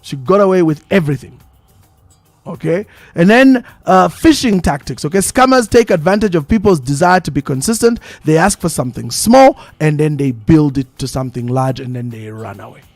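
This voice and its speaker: A man with a Zambian English accent hosting a live radio talk show, telling stories in an animated way and repeating phrases for emphasis. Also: a little high, normal speed, hardly any pauses, no echo, faint music behind. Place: radio studio. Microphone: studio microphone.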